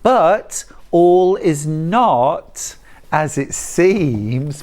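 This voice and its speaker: This mid-range, darkish voice belongs to a shopping-channel host broadcasting live from a TV studio. Animated and enthusiastic, she moves at a slow, deliberate pace, raving about every item and chatting away with plenty of asides.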